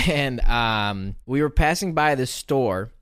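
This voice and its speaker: A man co-hosting a casual chat, telling animated stories and swearing freely. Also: medium pitch, slow, clean tone, no room sound, clean studio sound. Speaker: podcast co-host.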